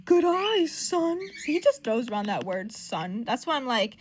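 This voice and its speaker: A woman's voice: mid-range voice, animated, a little fast, a little hiss or hum. A woman giving casual, profane, chatty commentary while reading comics aloud. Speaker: comic reader.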